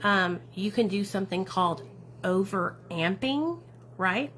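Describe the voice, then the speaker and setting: Her voice sits at medium pitch, expressive and a bit bright, and she takes her time. This addiction recovery advocate chats casually on her livestream, responding to viewers' comments with affirmation and encouragement and frequently tagging questions onto what she says.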